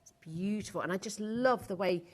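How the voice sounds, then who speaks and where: A woman's voice: mid-range voice, fairly quick. A woman presenting on a live shopping channel, chatty, giggly and enthusiastic as she sells jewellery.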